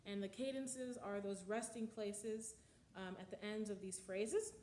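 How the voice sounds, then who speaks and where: A woman's voice: medium pitch, unhurried, mellow, roomy sound. A woman teaching music history in a slide lecture, explaining with frequent ums and counting out the beats.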